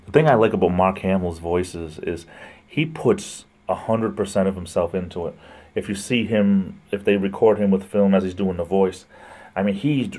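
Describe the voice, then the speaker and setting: He has a deep, warm voice and a moderate pace. Hosting a casual livestream, he rambles through a live chat, reading viewer comments, greeting people by name and laughing often between remarks.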